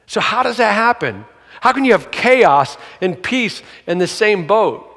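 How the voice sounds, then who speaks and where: A male pastor preaching a sermon, telling a story with animated, acted-out voices and sudden shouts. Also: high voice, a little slow. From grew up in a city. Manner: animated, acts out quoted voices, shouts for emphasis. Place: church sanctuary. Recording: long hall reverb.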